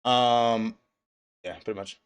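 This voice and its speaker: A man hosting a livestream from home, recapping an anime in a relaxed, profane, laughing way. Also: mid-range voice, takes it slowly, clear, resonant tone. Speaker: stream host. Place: home streaming setup. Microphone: desk setup with webcam.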